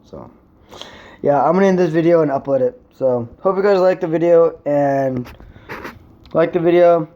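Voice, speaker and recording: A man's voice: on the high side, normal speed, long pauses, lo-fi sound. A young man in a casual vlog, rambling through a story to camera with lots of swearing and filler words. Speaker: vlogger.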